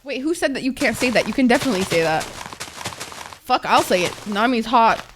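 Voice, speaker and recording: A woman's voice: fairly high pitch, animated, moderate pace, background noise. A woman live-streaming a game and chatting with viewers, gushing and teary, swearing freely as she thanks them. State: teary, crying. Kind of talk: casual live-stream chat. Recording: music playing behind. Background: background music.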